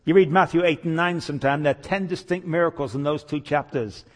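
A man's voice: a little high, fairly quick. A man preaching a sermon, retelling stories and acting out the people in them. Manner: animated, voices characters in anecdotes. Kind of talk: sermon with acted-out storytelling.

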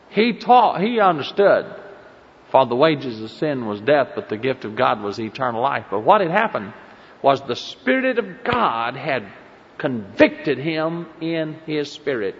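A man preaching a sermon, swelling into loud emphasis and then dropping soft and low. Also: breathy edge. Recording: muffled recording in a large reverberant hall.

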